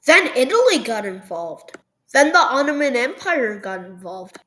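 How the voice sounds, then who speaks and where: A woman's voice: high voice, very animated, unhurried, bright, forceful tone, rough recording. A woman narrating a history map video at her computer in a loose, jokey way, full of ums and "they were like". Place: at a computer, recording over a screen.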